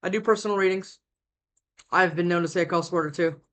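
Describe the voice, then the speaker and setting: A woman's voice: on the low side, steady tone, fast. A sleep-deprived woman reads tarot for her viewers from home, talking into a close mic. She rambles, trails off and starts her sentences over. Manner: rambling, with frequent restarts. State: worn out from lack of sleep. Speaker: tarot reader. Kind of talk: casual tarot reading to camera. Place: indoors at home. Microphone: desk mic, close.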